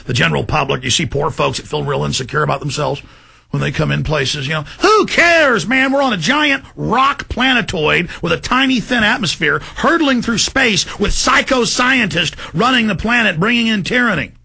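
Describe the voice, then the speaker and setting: A man's voice: fairly high pitch, expressive, normal speed, gravelly, slightly rough. A man hosting a talk show, ranting in an impassioned monologue to his listeners. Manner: ranting, shouts in bursts, addresses folks directly.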